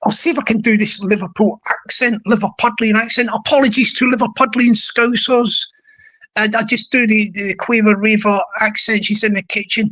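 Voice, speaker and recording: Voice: mid-range voice, steady tone, moderate pace, a bit bright. A live-stream host, chatting casually to a small online audience in a rambling way, often restarting sentences.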